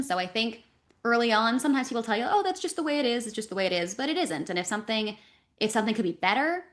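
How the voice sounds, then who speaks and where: Woman, from Canada, voice actress, interview guest, animated, filler-heavy casual talk. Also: mid-range voice. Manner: animated, talks in quick runs with fillers.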